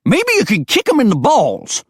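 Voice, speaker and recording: A man's voice: high voice, huge pitch swings, moderate pace, breathy edge, dry recording, clean studio sound, voice pushed up, heavily acted. A man voicing a cranky, paranoid old hillbilly who turns into a bear. The figure hollers in a folksy drawl. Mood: hollering, suspicious.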